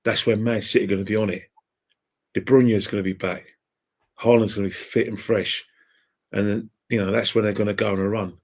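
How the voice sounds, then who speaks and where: Speaking fairly quickly, a man who follows football rambles opinionatedly as a podcast guest and laughs at his own jokes in casual chat. His fairly low voice is a little mellow and shows little pitch movement.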